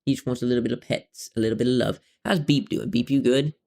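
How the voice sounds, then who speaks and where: A man's voice: mid-range voice, steady tone, quick pace, creaky, a little mellow. A man streaming a game, chatting playfully through casual let's-play commentary and stopping to talk to his pet cat.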